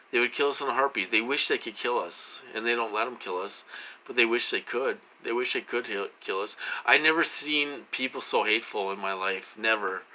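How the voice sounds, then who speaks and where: A man speaks straight to his viewers in a rambling, agitated monologue. His voice is very bright and sharp, and he sits at a middle pitch for a man. He stumbles through fillers and restarts, sinking to low mutters and then rising into loud, emphatic outbursts. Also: poor audio. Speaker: vlogger addressing viewers. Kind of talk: casual monologue to camera.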